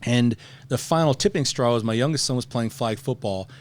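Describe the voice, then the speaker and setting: A man's voice: medium pitch, a little fast. Slangy middle-aged man telling war stories. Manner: animated, acts out voices in anecdotes; slangy, says "bro" often. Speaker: podcast guest. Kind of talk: casual storytelling.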